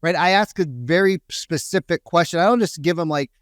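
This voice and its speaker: Animated sales coach, quick and punchy. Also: male voice, a little high, no echo, clean studio sound. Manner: animated, acts out phone calls in quick voices. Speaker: sales coach, podcast co-host. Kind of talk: energetic coaching talk with acted-out quotes.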